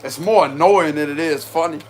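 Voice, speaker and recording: A man's voice: fairly high pitch, fairly quick, a little hiss or hum. A man giving a casual tarot reading, chatty and slangy, talking straight to his viewers and often breaking into laughter. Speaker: tarot reader.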